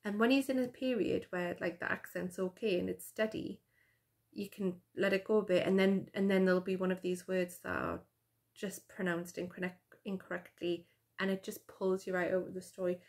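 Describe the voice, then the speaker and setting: A woman chats to her camera about her reading, rambling along with plenty of ums and restarts. Her mid-pitched voice has a steady gravelly fry running through it. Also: moderate pace. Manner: chatty, rambling, with many fillers and restarts. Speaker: vlogger. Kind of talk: casual chat to camera. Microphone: camera mic.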